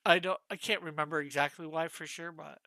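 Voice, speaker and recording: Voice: medium pitch, steady tone, fairly quick, bright, forceful tone, no echo. A comic artist chatting casually with viewers on a live stream while drawing, thinking aloud and asking their advice.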